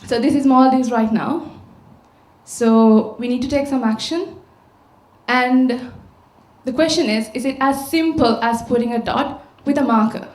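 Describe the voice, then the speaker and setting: Sri woman speaker, slightly high voice, storytelling in an echoey hall, rhetorical questions. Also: measured pace, a little mellow. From Sri Lanka. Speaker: conference speaker. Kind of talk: public talk. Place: large auditorium. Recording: echoey auditorium sound.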